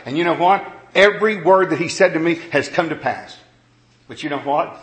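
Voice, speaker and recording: A man preaching a sermon in an earnest, conversational way, moving between quiet reflection and emphatic points. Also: on the high side, moderate pace, echoey room.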